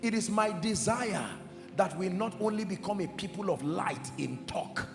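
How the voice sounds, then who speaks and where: A fervent male preacher with a high, lively voice that carries a gravelly edge. His sermon rings through a large, echoing hall with long reverb, and music plays underneath. He talks emphatically, rising to shouts and then falling to hushed tones. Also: moderate pace. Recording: echoey hall with music behind. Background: soft music.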